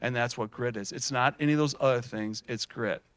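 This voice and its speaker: A middle-aged man giving a folksy, animated keynote at a student showcase, telling stories with many fillers and restarts. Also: mid-range voice, fairly quick, clean tone. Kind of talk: storytelling keynote speech.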